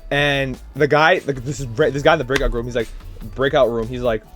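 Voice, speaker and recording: A young man, a student teacher, telling a rambling, animated story in a casual vlog, full of fillers and worn out from his day. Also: medium pitch, a little fast, faint music behind. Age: young adult. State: tired, drained.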